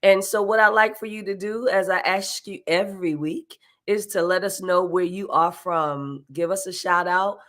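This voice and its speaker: A woman's voice: fairly low pitch, moderate pace, few pauses, a bit bright. A woman host and moderator opening a livestream, energetically calling out viewers' towns and welcoming them.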